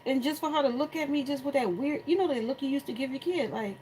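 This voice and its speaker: A middle-aged woman hosting a crafting tutorial from home, chatting casually and telling animated stories to her viewers while she works. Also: high-pitched, fast, few pauses, slight background noise, rough recording.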